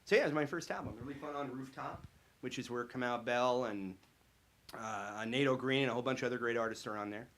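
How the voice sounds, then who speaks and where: A male comedian at a live show, talking with an animated storyteller's energy. His voice sits at an everyday middle pitch. He drifts easily between chat and acted-out bits. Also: quick pace. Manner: animated storytelling, acting out characters in quotes. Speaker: stand-up comedian. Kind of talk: stand-up set then interview chat.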